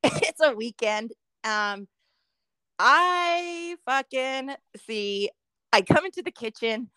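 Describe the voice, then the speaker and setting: A middle-aged woman spins a profane, animated story for a casual podcast, swearing freely. Her voice sits a little high and lifts as the tale builds. The sound is dry and close. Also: smooth, no echo. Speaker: podcast co-host.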